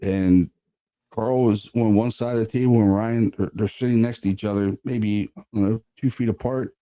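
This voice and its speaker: A man, a paranormal investigator, casually telling a story about an investigation, animated and sprinkled with swearing and fillers. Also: on the low side, normal speed.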